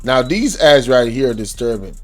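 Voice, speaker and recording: A man's voice: mid-range voice, lively intonation, moderate pace, faint music behind. A man with a Jamaican accent hosting a reaction channel, talking to viewers in an indignant, preachy way. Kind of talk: casual reaction commentary.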